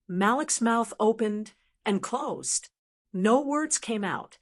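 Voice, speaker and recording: A woman's voice: on the high side, expressive, takes it slowly. Stern middle-aged woman telling a drama. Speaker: narrator. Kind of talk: first-person dramatic storytelling.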